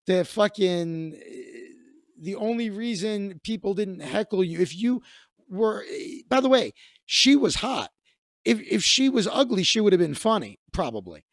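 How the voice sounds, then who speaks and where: A man's voice: sits high, sing-song, unhurried, no echo, clean studio sound. A comedian hosting a livestream, a man telling stories in casual, rambling, profane chat with many restarts.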